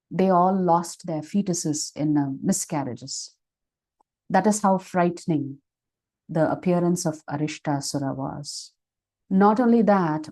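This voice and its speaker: A woman teaching as a spiritual speaker, retelling devotional scripture stories in a measured way with frequent fillers. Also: lowish voice, mellow, rough recording. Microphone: online session microphone.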